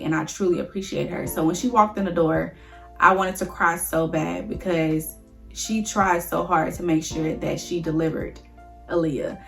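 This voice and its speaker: Young woman, vlogger, casual storytelling, emotional, slightly low voice, faint background music. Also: vocal fry. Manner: chatty and emotional, addresses viewers as y'all.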